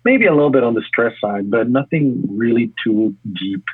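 A man's voice: mid-range voice, husky, dry recording. A man who coaches fitness and runs a gym, talking casually and energetically in an interview, often restarting his sentences. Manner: energetic, talks in quick restarts. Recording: tinny phone-like line.

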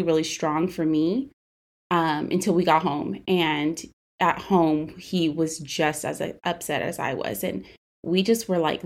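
A woman in her twenties hosting a podcast, recounting a painful personal story candidly and emotionally, with many casual fillers. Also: lowish voice. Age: 20s. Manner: candid, emotional, frequent "like" and "you know" fillers. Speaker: podcast host.

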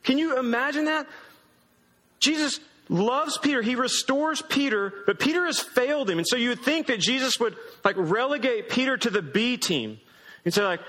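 A man's voice: extremely high pitch, lively intonation, normal speed, a bit bright. A man pastor preaching a sermon in a conversational, emphatic way. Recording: long hall reverb.

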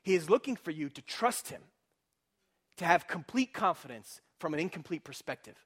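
A man preaching a sermon as pastor, animated and humorous, often putting questions to his congregation. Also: on the high side, normal speed, slightly rough.

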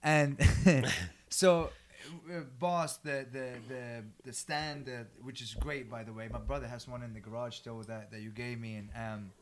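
A man's voice: mid-range voice, fairly even intonation, unhurried, hardly any pauses, slight background noise. A man co-hosting a podcast, chatting casually in a joking, teasing way. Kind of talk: casual chat.

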